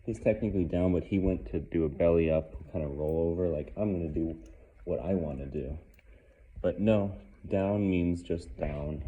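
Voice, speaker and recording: Male dog trainer, deep and lively, calm explanations with firm commands, thin phone-like audio. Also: normal speed, a little hiss or hum. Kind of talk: hands-on training demonstration. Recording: tinny phone-like sound.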